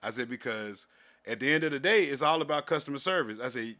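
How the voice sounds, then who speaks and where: Guy podcast cohost, animated and swearing a lot, bright sharp voice. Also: mid-range voice, quick pace. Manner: animated storytelling, profane. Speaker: podcast co-host. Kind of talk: casual chat.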